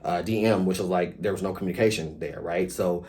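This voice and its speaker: A man casually recapping a reality TV episode, chatty and animated, acting out quotes and swearing freely. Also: sits low, brisk.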